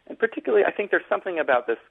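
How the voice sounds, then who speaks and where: A man's voice: high-pitched, big pitch swings, rapid-fire, gravelly, husky. A man from Boston, an author and guest, talking thoughtfully with many restarts over a tinny phone line. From Boston, United States. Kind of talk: casual interview conversation.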